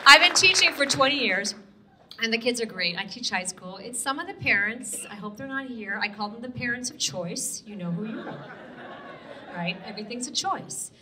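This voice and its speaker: A middle-aged woman doing an energetic stand-up comedy set, talking to the audience and firing off quick questions. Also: a little high, a crowd in the background, background noise. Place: comedy stage with a live audience.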